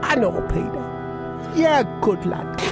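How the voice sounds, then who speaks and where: A man putting on a high, swooping voice for a bossy, foul-mouthed wife who snaps orders. She drags out every insult slowly, and loud music plays behind her. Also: big pitch swings, heavily acted.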